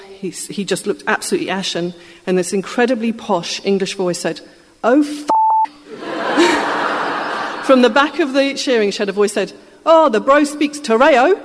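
Woman, live storyteller, conversational and amused, mid-pitched voice, long hall reverb. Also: a little hiss or hum. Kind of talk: live anecdote told to an audience.

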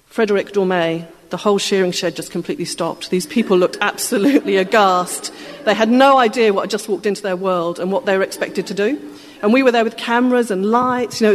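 A woman tells an anecdote to a live audience, lively and amused, in a plain conversational way. Her voice sits at a middle pitch for a woman. The sound rings with a long reverb, as in a large hall. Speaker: storyteller.

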